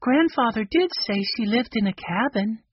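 A gentle, shy young girl speaks softly and high, voiced by a man reading a story. Her voice has a husky edge. It comes through a dry, somewhat dull recording. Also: animated, moderate pace, no room sound, exaggerated voice.

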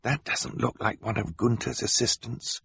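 A man's voice: on the high side, brisk, husky, dry recording, pitched above the performer's own voice. A man voicing a serious, polite young boy. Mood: earnest. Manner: earnest, polite.

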